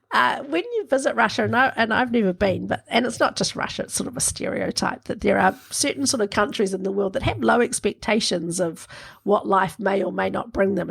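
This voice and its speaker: A woman's voice: medium pitch, creaky, slightly rough. A woman, co-hosting a podcast in a chatty, reflective way and laughing often. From New Zealand. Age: 50s. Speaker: podcast co-host. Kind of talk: casual chat.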